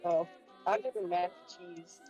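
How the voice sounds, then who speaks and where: A woman's voice: on the low side, fairly even intonation, moderate pace, mellow, lo-fi sound, faint music behind. A woman playing a tabletop game, blunt and teasing in casual chat.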